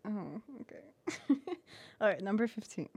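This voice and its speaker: A woman's voice: medium pitch, expressive, unhurried, a little mellow, slightly rough, no echo. A woman asking numbered interview questions in a playful way, giggling often.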